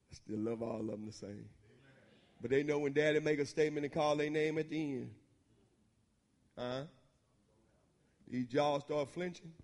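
A middle-aged man preaching a sermon, folksy and quick to laugh, often asking the congregation questions. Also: on the high side, darkish tone.

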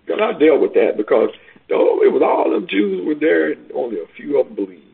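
A man a sermon, repeating his points in call-and-response style and rising to near-shouts on key lines. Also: fairly high pitch, big pitch swings, normal speed, gravelly, husky. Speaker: preacher. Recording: tinny phone-like radio broadcast.

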